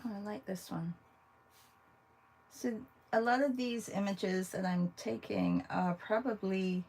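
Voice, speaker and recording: Host: chatty woman art teacher, unhurried delivery, a bit of vocal fry, talks to viewers while she draws. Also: fairly low pitch, darkish tone, rough recording. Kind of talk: casual livestream drawing demo.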